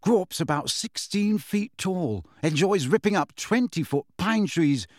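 A man reading aloud, voicing an earnest, exasperated teenage schoolgirl who speaks briskly and a little primly. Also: high-pitched, expressive, dry recording, clean studio sound, pitched above the performer's own voice.

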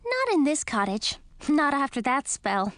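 A woman's voice: very animated, measured pace, a bit bright, no echo, heavily acted. Lil, a woman doing a chirpy female bat. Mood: resigned. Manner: high chirpy voice. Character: kindly fretful female talking bat.

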